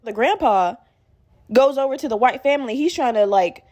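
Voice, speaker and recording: A woman's voice: on the high side, moderate pace. A young woman hosting a podcast, telling a story casually with lots of swearing and acting out other people in raised voices. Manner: animated, profane, acts out quoted people in raised voices. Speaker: podcast host.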